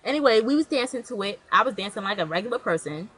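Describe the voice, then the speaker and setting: A woman's voice: mid-range voice, animated, quick pace, a bit bright, breathy edge, poor audio. A young woman vlogging to her camera in casual chat, blunt and slangy, rambling with restarts.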